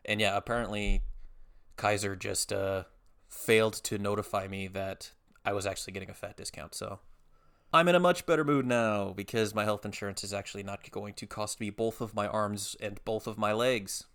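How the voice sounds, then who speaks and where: Low-voiced young man rambling comically. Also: steady tone, normal speed, a bit bright, smooth. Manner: rambling, self-mocking, acts out others in quoted voices; swears casually, slangy. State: tired after a migraine. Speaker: podcast host. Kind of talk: casual solo podcast monologue.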